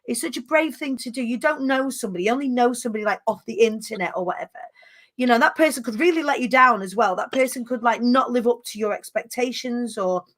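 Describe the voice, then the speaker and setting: A woman's voice: a little high, quick pace, fairly bright tone. A woman hosting a casual chat, effusive and colloquial. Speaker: host.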